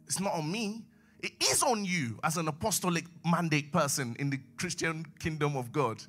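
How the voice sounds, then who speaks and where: A man preaching a sermon in a church, swinging from low asides to raised exhortation. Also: moderate pace, a bit bright, soft background music.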